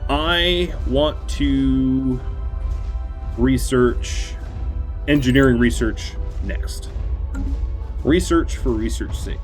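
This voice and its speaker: A man's voice: mid-range voice, extremely slow, pauses often. A man streaming a strategy game, giving casual, playful gameplay commentary in a gleefully mock-villainous way. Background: faint game music.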